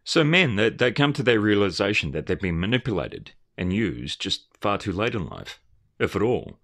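A man's voice: lowish voice, big pitch swings, normal speed, a bit bright. A man giving a rambling, earnest and emphatic commentary, often restarting his phrases. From Australia.

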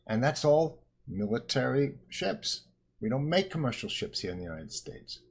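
A man's voice: mid-range voice, big pitch swings, normal speed, slightly rough. A man giving a heated, emphatic, repetitive ranting monologue as a commentator.

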